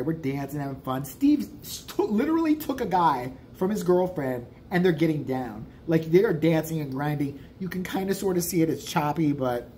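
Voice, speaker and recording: Man in his 40s, vlogger, swearing a lot, exasperated, pitch swinging around. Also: slight background noise. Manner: profane, exasperated, animated storyteller. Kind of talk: casual ranting storytelling.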